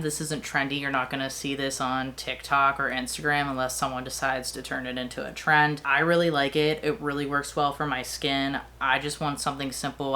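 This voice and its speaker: A young woman talking casually and quickly, filling her talk with "like" as she reviews beauty products she has used up. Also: extremely low pitch, a bit bright. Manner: chatty, fast-talking with fillers. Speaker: beauty vlogger.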